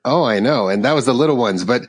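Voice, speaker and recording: A middle-aged man co-hosting a podcast, telling a story in a rambling, animated way and laughing along with it. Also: mid-range voice, fast talker. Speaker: podcast co-host. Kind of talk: casual storytelling. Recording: long hall reverb.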